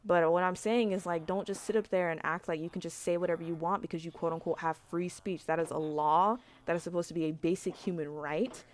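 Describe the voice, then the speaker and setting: Low-voiced woman ranting casually. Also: steady tone, brisk, few pauses. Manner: frank, profane, rambling with many fillers. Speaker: vlogger. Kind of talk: casual rant to camera.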